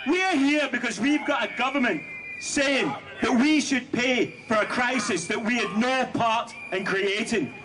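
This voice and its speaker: A man giving a rally speech as a union speaker, shouting slogans with rhetorical fire. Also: very high voice, measured pace. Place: outdoor street rally. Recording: noisy outdoor rally audio.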